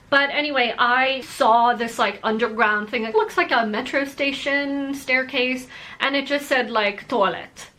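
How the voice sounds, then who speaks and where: A woman vlogger chats straight to her viewers in a casual, storytelling way. Her voice sits a little high and rings bright. She keeps things animated and laughs easily as she talks. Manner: animated, laughs while telling stories. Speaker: language-learning vlogger.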